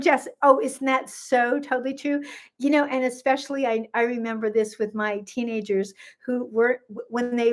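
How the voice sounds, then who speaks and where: A woman's voice: on the high side, darkish tone. A woman in her sixties, nearly seventy, working as a gut health coach. She chats casually with livestream viewers on her phone, greeting them by name and drifting into rambling asides. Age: 60s, nearly seventy.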